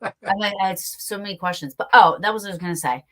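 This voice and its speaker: A woman's voice: medium pitch, quick pace, a little hiss or hum. A woman hosting an interview, chatting casually with many fillers and restarts. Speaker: podcast host.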